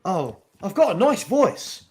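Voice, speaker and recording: A man's voice: sits high, very animated, unhurried, a little mellow, slightly rough. A man hosting a live fan watch-along of a football match, chatting casually, exasperated and swearing about his team.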